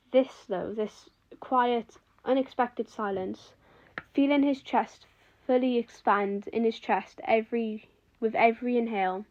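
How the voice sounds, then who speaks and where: A woman reading a piece of fan fiction aloud, lifting her pitch a little for the characters' quotes. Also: lo-fi sound. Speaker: fanfiction reader.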